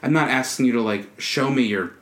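Male podcast co-host, mid-pitched, chatty riffing, roomy echo. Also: fairly bright tone. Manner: chatty, quick to react and riff. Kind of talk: casual chat.

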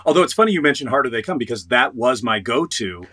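A middle-aged man, a voice actor, telling stories in a casual interview, animated and quick to mimic others. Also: medium pitch. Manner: animated storyteller, quotes others in lively voices. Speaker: voice actor guest.

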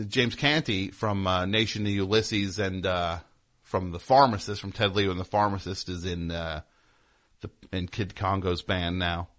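A man's voice: fairly low pitch, fairly bright tone. A man hosting a show, telling a rambling, sarcastic, indignant story as a comedic rant. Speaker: host.

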